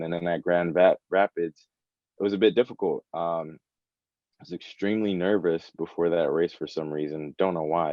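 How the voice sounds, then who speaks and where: Very deep-voiced young man, dry lo-fi sound. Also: dry recording. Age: early 20s. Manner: relaxed, earnest, peppered with "you know" and "like". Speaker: college track athlete guest. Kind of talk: casual interview chat.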